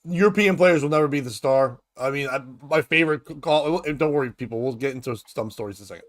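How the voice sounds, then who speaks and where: A man's voice: mid-range voice, fast talker, dry recording, studio quality. A man hosting a morning talk show, talking loosely and crudely, rambling and laughing as he retells stories. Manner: crude, rambling, laughs often, acts out quotes. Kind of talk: casual chat.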